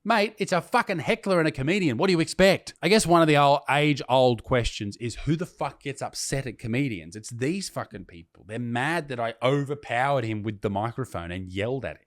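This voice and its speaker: A man's voice: medium pitch, animated, brisk, few pauses. A man, a comedian ranting sarcastically and with heavy swearing while reading comments aloud. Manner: sarcastic, profane, mocking. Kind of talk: reacting to comments, casual rant.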